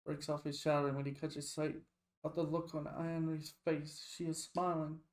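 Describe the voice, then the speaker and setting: A man streaming a game, reading its story text aloud in a slow, deliberate way. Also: fairly high pitch, level tone.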